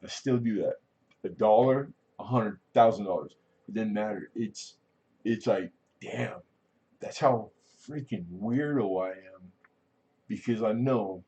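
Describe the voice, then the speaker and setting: A middle-aged man with a lowish, mellow voice talks in a loose, rambling way. He is candid and swears often. His speech wanders through restarts. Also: expressive, unhurried. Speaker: livestream host. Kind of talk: casual rambling chat.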